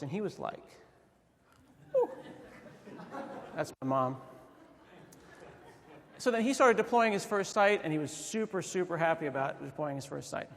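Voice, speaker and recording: Animated man telling stories in a big hall. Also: a little high, normal speed. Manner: animated storytelling with quoted voices. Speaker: conference speaker. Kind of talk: humorous conference talk. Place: large conference hall. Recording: reverberant hall.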